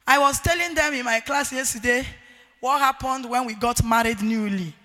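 A middle-aged woman with a Nigerian accent, preaching an emphatic sermon to women with shouted, sing-song rises. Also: fairly high pitch, normal speed. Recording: reverberant hall.

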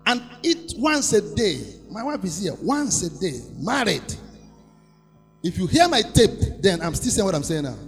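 A male pastor preaching a sermon, shouting and chanting lines for the congregation to repeat. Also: high-pitched, sing-song, measured pace, husky. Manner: preaching with sudden shouts and sing-song rises, leading call-and-response. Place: church. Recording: echoey church hall with faint music.

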